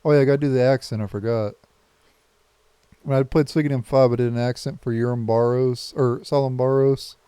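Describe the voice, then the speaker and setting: A man hosting a gaming channel, reading game dialogue aloud for viewers in a plain, unhurried way with small restarts. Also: medium pitch, steady tone, dark tone, clean tone, dry recording.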